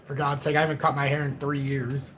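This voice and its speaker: A man's voice: medium pitch, level tone, a little fast, fairly bright tone, a little hiss or hum. A man in his forties hosting a crypto livestream, chatting casually in a rambling, joking, self-mocking way. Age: 40s.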